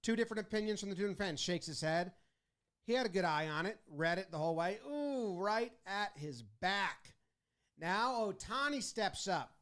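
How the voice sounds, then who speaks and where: High-voiced man breaking down baseball clips. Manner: animated, acts out players' and umpires' lines in quick voices. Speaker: sports video commentator. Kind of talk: baseball highlight breakdown commentary.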